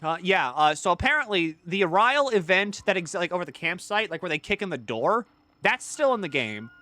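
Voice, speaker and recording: Male streamer, rambling casual chat, bright tone, very lively pitch. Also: a little fast, dry recording. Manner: rambling, excitable, swears freely.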